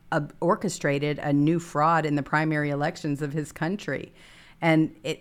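Lady host, deep voice, fired up about the news. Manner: indignant, reads headlines aloud. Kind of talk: political talk show commentary.

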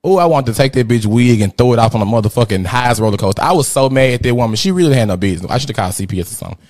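A man, a podcast host telling a rowdy, profane story in casual chat, jumping between loud outbursts and muttered asides. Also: mid-range voice, animated, very fast. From Memphis, USA. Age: 30s.

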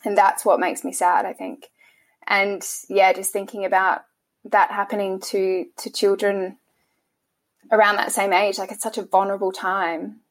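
A young woman, interviewed about her past, speaking in a soft, halting way and often restarting her sentences. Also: mid-range voice, level tone. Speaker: interview guest. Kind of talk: emotional personal interview.

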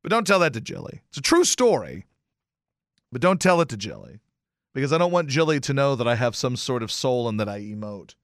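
Animated, swearing male radio host. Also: mid-range voice, a little fast, no echo, studio quality. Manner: animated, profane, bursts into loud exclamations. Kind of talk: casual storytelling talk. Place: radio station studio.

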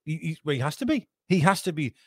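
A man in casual football chat, animated and repeating words as he talks. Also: on the high side, fast, breathy edge, dry recording, studio quality. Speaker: podcast panelist.

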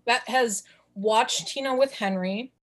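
A woman's voice: a little high, slow. A woman from southeastern Wisconsin, co-hosting a podcast in chatty, enthusiastic casual talk. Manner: chatty, enthusiastic, repeats words for emphasis. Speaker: podcast co-host. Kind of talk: casual chat.

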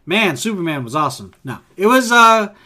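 A man co-hosting a podcast in casual chat, steady and steering the talk back on track. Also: high voice, brisk. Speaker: podcast co-host.

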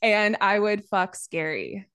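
A woman's voice: medium pitch, lively intonation, takes it slowly, fairly bright tone, clean tone, dry recording, clean studio sound. A woman in her thirties, the host, talking in an earnest, easy casual chat. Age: 30s. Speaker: podcast host.

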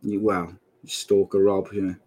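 A man's voice: low-pitched, flat delivery, measured pace, a little mellow, breathy edge. Rambling welsh man teasing his co-host. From Wales. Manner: rambling, teasing, lots of fillers. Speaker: podcast co-host. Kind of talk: casual chat.

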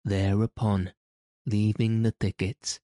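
A man narrating an old-fashioned tale in a measured, even storytelling manner. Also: on the low side, no room sound, clean studio sound.

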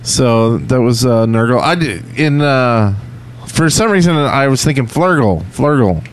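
A male podcast host with a lively, up-and-down voice chats casually with callers. He stumbles over fillers now and then, with a faint room hiss under him. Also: medium pitch, unhurried. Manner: friendly, hesitant, lots of uh. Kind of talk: casual chat.

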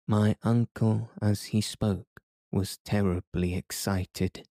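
A man reads a bedtime story in a calm, soothing way. His deep voice moves very slowly with little rise or fall. The sound is dry and close. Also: no room sound. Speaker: sleep podcast narrator. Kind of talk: scripted bedtime story reading.

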